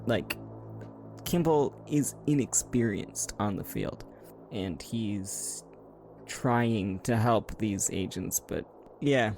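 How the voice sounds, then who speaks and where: Gravelly-voiced man, casual tabletop player narrating his character, faint background noise. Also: on the low side, lively intonation, slow pace, darkish tone. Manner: filler-heavy, describes his character's actions.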